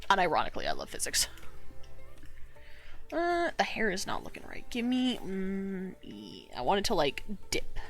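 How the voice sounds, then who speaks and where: A woman's voice: fairly low pitch, wildly swooping pitch, normal speed, gravelly, long pauses, fairly bright tone, faint music behind. A young woman streaming while she draws, chatting casually in a bubbly, giggly way and sometimes muttering to herself.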